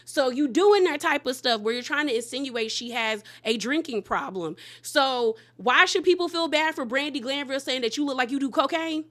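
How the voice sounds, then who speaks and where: A woman hosting a reality TV recap, talking in a casual, animated and opinionated way with slangy, sassy asides. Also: high-pitched, moderate pace. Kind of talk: casual gossip recap commentary.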